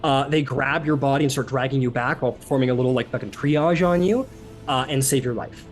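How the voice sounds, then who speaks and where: A man's voice: medium pitch, a little fast, soft background music. Male game master, loose casual narration full of fillers. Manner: casual, rambling, many fillers.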